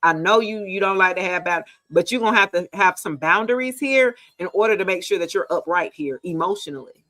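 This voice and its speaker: A woman, giving a casual live tarot reading in a chatty, animated, slangy way, talking straight to her viewers. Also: fairly low pitch, brisk. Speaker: tarot reader.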